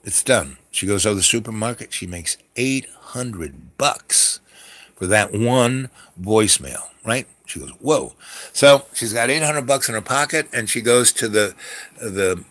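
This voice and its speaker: A man hosting his own channel, telling a long story in a meandering way with lots of fillers and restarts and frequent throat clearing. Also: fairly low pitch, animated, unhurried, a bit bright. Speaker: channel host. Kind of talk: rambling storytelling monologue.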